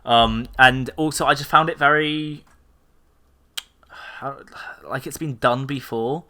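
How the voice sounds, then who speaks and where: A man's voice: medium pitch, slow, sharp tone, clear, resonant tone. A man hosting a casual podcast, recapping a show in a rambling, joking way with lots of ums and uhs. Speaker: podcast host. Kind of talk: casual chat.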